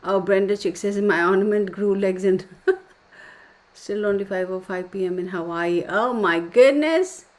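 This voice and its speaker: A woman's voice: mid-range voice, little pitch movement, normal speed, darkish tone. Chatty woman hosting a live stream. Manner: reads comments aloud, laughs often, exclaims in surprise. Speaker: live stream host reading viewer chat. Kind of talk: casual live stream chat.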